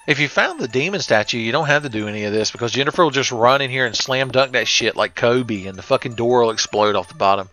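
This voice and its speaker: A man with a medium-pitched, bright voice delivers sarcastic, crude jokes at a fast, animated clip as he plays a retro horror game, barely pausing and keeping a forceful tone. This let's play host's comedic commentary sits over soft background music. The lo-fi mic sounds slightly dull and carries a faint hiss.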